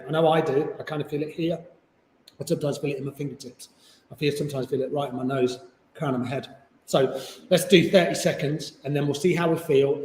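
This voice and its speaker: A man's voice: mid-range voice, darkish tone, slight background noise. A man teaching a yoga class online, chatty and encouraging, with jokes about himself. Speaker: yoga instructor. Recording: echoey room with long reverb.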